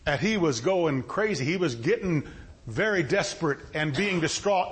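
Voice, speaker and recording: A man's voice: a little high, lively intonation, moderate pace, a bit bright, breathy edge. A man preaching a sermon in a folksy style, asking his listeners questions again and again. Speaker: pastor.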